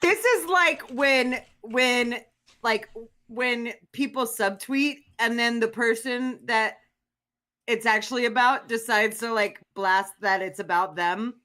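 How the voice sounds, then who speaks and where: A woman co-hosting a casual podcast, rambling on with sarcastic, profane asides. Her voice is somewhat high, with a bright, sharp edge. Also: takes it slowly. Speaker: podcast co-host.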